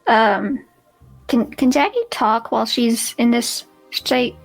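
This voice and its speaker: A woman's voice: on the high side, slow, creaky, faint music behind. A woman playing a tabletop game, describing her character's actions with rambling fillers. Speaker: player.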